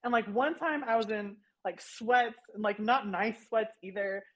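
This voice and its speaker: A man's voice: sits high, measured pace, a bit bright, low-quality recording. A man chatting as an author guest in a casual livestream, bashful and self-deprecating, laughing often.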